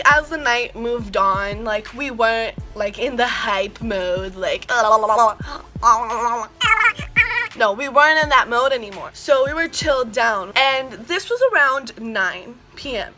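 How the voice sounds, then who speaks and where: A teenage girl telling a story on her vlog, slangy and animated, full of "like" and swearing. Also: fairly high pitch, slow, soft background music. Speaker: vlogger.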